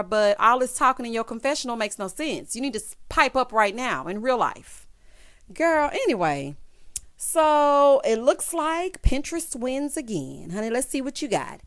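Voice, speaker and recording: A sassy woman hosts a solo recap of reality TV, full of "honey" and "child". Her voice sits a little high. She acts out the quotes in a mocking voice. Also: moderate pace, clean tone. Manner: sassy, animated, says "honey" and "child" often. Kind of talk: casual recap commentary.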